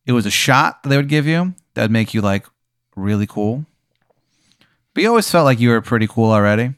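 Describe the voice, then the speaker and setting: A man narrating as game master in an improvised tabletop game, telling it in a casual, deadpan way. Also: medium pitch, a little fast, clear, resonant tone, no echo.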